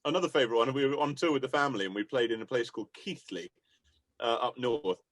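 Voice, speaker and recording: A man in a casual interview, telling long, rambling tour stories in a mid-pitched voice. He laughs often and swears lightly, and his voice is dry and close-miked with no room sound. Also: fast, a bit bright, dry recording. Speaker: musician guest.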